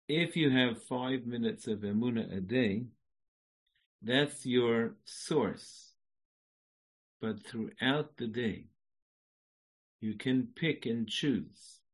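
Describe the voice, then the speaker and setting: A man teaching an inspirational Jewish class in a chatty way, laughing at his own jokes and mixing Hebrew and Yiddish phrases into his talk. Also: mid-range voice. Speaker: Jewish lecturer.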